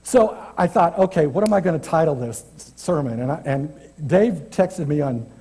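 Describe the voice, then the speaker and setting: A man's voice: on the high side, lively intonation, moderate pace, gravelly, dark tone, slightly rough. A man preaching an informal, chatty church sermon as a guest preacher, self-deprecating and often restarting his sentences. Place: church sanctuary.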